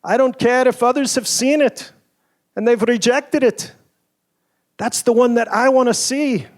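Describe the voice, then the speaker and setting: A man voicing an intense Scottish toy executive in a keynote anecdote, speaking slowly and emphatically. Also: extremely high pitch, voice pushed up. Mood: insistent.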